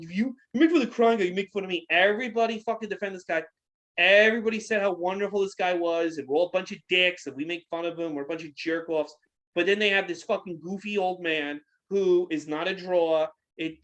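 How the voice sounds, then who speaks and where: A man's voice: high voice, a bit bright. A man co-hosting a casual podcast, ranting angrily and profanely, firing repeated questions. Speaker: podcast co-host.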